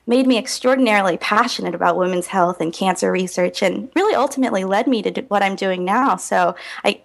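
An earnest woman guest on a podcast, reflective and full of little ums as she tells her stories. Her mid-pitched voice has a lot of vocal fry. She talks in a warm, sincere way. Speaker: guest, health researcher. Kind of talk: podcast interview.

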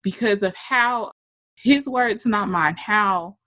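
A woman co-hosting a casual chat, telling a work story with animated delivery, swearing and acting out quotes. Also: mid-range voice, slow pace.

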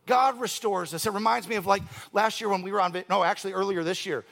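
A man in his forties, a pastor preaching a sermon emphatically, swinging from loud declarations to hushed tones, with conversational asides and dry humor. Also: high voice, fairly even intonation, fast, creaky.

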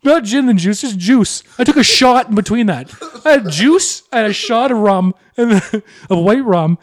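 A man's voice: high-pitched, expressive, moderate pace. Young man, profane rambling podcast storyteller. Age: young adult. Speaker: podcast co-host. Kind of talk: casual podcast chat.

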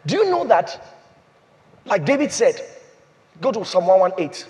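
A man preaching a sermon as pastor, repeating phrases and swinging from loud declarations to hushed, slow emphasis. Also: high voice, big pitch swings. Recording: long hall reverb.

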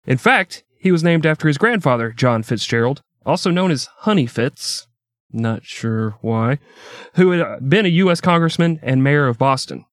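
A man's voice: on the high side, animated, normal speed, dry recording, studio quality. A man co-hosting a podcast, telling a history story in a casual, jokey, irreverent way and laughing often.

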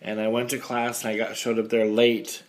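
A man's voice: mid-range voice, monotone, moderate pace. A man telling stories in casual podcast chat, rambling and making jokey asides. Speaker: podcast guest.

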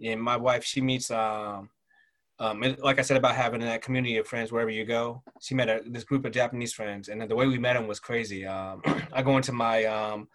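A man in his thirties, raised in the American South, talking about his family as a guest in an easygoing conversation. His voice sits at an ordinary middle pitch. He rambles casually, with plenty of "um", "like" and "bro". He gets lively when he acts out what other people said. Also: brisk. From Southern United States. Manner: loose and chatty, full of fillers and "bro", lively when quoting people. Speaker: guest, military father.

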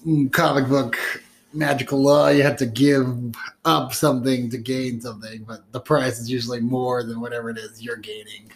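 An easygoing man co-hosting a casual podcast, chiming in often with quips and agreement. His voice sits at a middle pitch and stays conversational throughout. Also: fairly even intonation, moderate pace. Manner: easygoing, chimes in and jokes. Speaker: podcast co-host. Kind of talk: casual chat.

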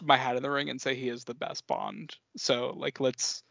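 A man co-hosting a casual film podcast, excitable, swearing often and trailing off mid-sentence. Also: medium pitch, normal speed, vocal fry, dry recording. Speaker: podcast co-host. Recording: dull lo-fi podcast audio.

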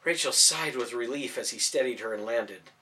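A man's voice: medium pitch, moderate pace, slight background noise. Man narrating a storybook from off-mic. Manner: expressive storytelling. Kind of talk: audiobook narration. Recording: voice from a distance off mic.

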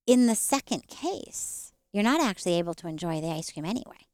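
A woman author talking as an interview guest outdoors, measured, with dramatic pauses and swells. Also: lowish voice, animated, a little mellow, dry recording, studio quality. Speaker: author and spiritual teacher.

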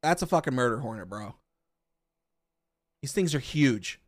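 Excitable, foul-mouthed man from Pennsylvania. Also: mid-range voice, normal speed, no room sound, clean studio sound. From Western Pennsylvania, USA. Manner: profane, excitable rants. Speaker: podcast host. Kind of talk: casual chat with live chat.

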